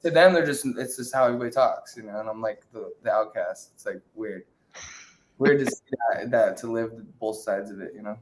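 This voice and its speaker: A man's voice: lowish voice, fairly quick, poor audio. A man guesting on a livestream, musing thoughtfully in casual chat. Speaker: guest musician.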